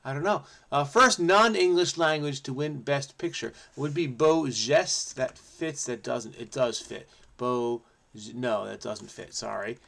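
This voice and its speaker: A man hosting a crossword video, thinking aloud as he solves, playful and energetic, muttering to himself between clues. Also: mid-range voice, a little slow, creaky, hardly any pauses. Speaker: crossword solving channel host. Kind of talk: thinking aloud while solving a puzzle.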